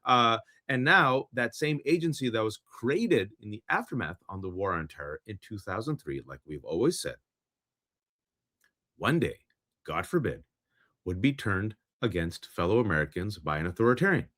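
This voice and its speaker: A middle-aged man hosting a political talk show. He argues with passion and biting sarcasm, slipping into mock exchanges, and his pitch swings widely up and down. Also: sing-song, moderate pace, sharp tone. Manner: impassioned, sarcastic, acts out mock dialogue. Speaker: podcast host. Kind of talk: political commentary.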